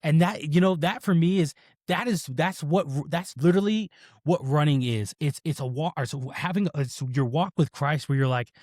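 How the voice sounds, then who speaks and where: A man in his thirties hosting a podcast, telling a personal story in a lively, animated way and acting out his own thoughts, turning to faith in a preaching tone. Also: a little high, normal speed, no room sound, clean studio sound. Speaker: podcast host. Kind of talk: casual chat.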